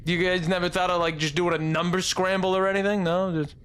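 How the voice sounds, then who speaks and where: A young man streaming a game live, rambling and excitable, laughing often. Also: sits high, brisk, slight background noise.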